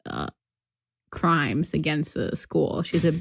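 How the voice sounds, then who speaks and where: A young podcast co-host from North Carolina, USA, chats casually through a long, rambling story full of fillers and frequent laughter. Her animated voice sits low and sounds creaky and husky as she takes it slowly, captured in a dry recording.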